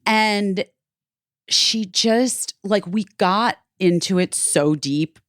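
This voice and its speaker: A woman in her forties hosts a podcast, telling a story in chatty, casual talk packed with "like" and free swearing. Her medium-pitched voice moves very slowly, captured as a dry, clean studio recording.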